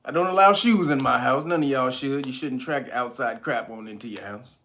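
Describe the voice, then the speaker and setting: Male vlog host, mid pitch, slangy and profane, mocking, shouting out viewers by name. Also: a little fast. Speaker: channel host. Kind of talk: casual talk to viewers.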